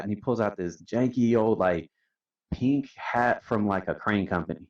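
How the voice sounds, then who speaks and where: Laid-back deep-voiced man telling stories. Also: moderate pace, darkish tone. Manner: laid-back, says "man" and "dude" a lot. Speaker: podcast guest, company founder. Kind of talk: casual storytelling. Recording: distant, dull-sounding mic.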